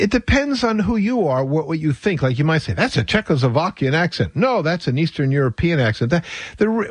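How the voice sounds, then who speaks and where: A man hosts a radio health talk show as a doctor, talking straight to his listeners. His voice sits a bit high for a man, and the studio sound is dry and close. He keeps slipping in wry, sarcastic asides with quick chuckles. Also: dry recording.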